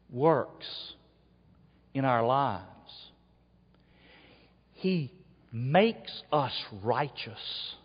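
A man preaching a sermon, dropping to quiet asides and then rising to loud shouts. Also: fairly high pitch, husky. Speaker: pastor. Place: church sanctuary. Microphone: wearable mic. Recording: dull, long hall reverb.

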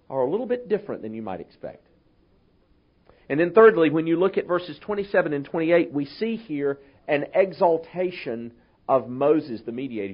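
A man preaching a sermon in an earnest, emphatic way, slowing down to stress key words. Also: a little high. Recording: muffled, lo-fi sermon recording.

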